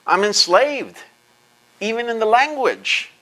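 A man's voice: high-pitched, sing-song, slow, pushed and bright. A man giving an impassioned lecture, intense and emphatic, blunt and profane, often repeating words as he presses his points.

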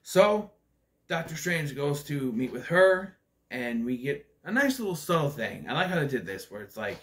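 A man's voice: mid-range voice, expressive, moderate pace, fairly bright tone. A man giving a casual, opinionated movie review, blunt and ranting, with swearing, loose fillers and restarts.

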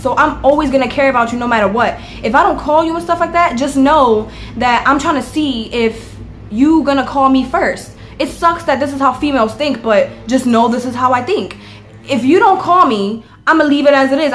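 A young woman talking to camera in a casual vlog. Her voice sits high, and she speaks in a blunt, profane, ranting way. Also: slight background noise. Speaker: vlogger. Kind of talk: casual chat.

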